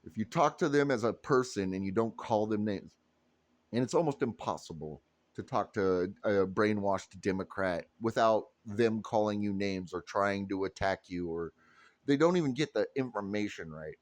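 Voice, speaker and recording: With a lowish, expressive voice at moderate pace, a political commentator launches into a profane, heated rant aimed at his audience. It's a monologue to camera, recorded without echo.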